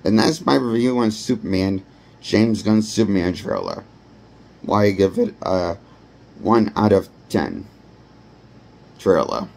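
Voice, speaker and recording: A man's voice: lowish voice, animated, a little slow, gravelly, pauses often, darkish tone. A man giving a rambling, blunt and profane movie review. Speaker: movie critic. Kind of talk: ranting film review.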